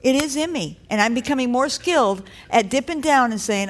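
A woman's voice: high voice, animated, brisk, a little hiss or hum. Woman preaching conversationally to a congregation. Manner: conversational preaching with rising exhortations. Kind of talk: sermon. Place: church.

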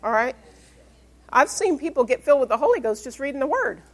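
A woman with a high voice preaches in an emphatic style. She reads scripture verse by verse and stops to ask the congregation questions. Her talk has the firm cadence of a pastor teaching her church. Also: big pitch swings, brisk. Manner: emphatic, call-and-response questions. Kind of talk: sermon.

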